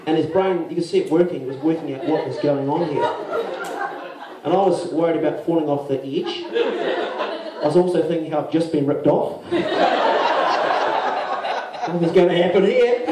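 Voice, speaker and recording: A man's voice: a little high, roomy sound, recorded from a distance, heavy background noise. A man with a New Zealand accent telling a comic story live, acting out other people's lines. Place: live venue with audience. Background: audience laughter.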